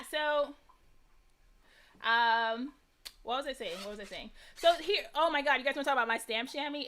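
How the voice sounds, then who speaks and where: Bright, high-voiced chatty American woman. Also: slight background noise. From United States. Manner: chatty, self-deprecating, laughs often, greets viewers by name. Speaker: crafting livestream host. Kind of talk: casual live-stream chat while crafting.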